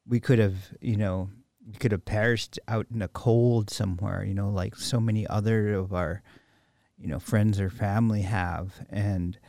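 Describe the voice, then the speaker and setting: Slow-paced male host, halting and reflective, close dry sound. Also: fairly low pitch, vocal fry, darkish tone, no echo. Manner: halting, many restarts and "you know". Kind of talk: reflective recovery conversation.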